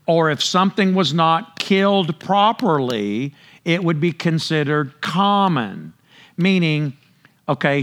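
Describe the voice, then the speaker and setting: High-voiced, unhurried male preacher. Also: fairly bright tone. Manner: conversational, asks the congregation questions; acts out biblical characters in paraphrase. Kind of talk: sermon teaching.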